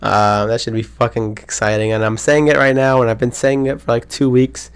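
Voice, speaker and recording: A man's voice: medium pitch, brisk, clear, resonant tone. Solo podcast host, male, about twenty, hyped and rambling, heavy slang and cursing. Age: around 20. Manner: excitable, slangy, swears a lot, rambling. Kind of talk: casual solo podcast chat.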